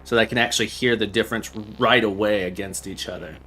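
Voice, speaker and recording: A man's voice: lowish voice, steady tone, fast, sharp tone, a little hiss or hum, poor audio. A man hosting a livestream, playing a game and thinking aloud as he sounds out Morse code beeps. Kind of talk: casual livestream chat while playing.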